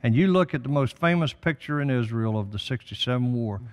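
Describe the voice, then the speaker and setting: A man's voice: mid-range voice, lively intonation, fairly quick, long reverb tail. An older man, a guest on a talk show, speaking with emphatic, preacherly conviction about faith and prophecy. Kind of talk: impassioned religious talk.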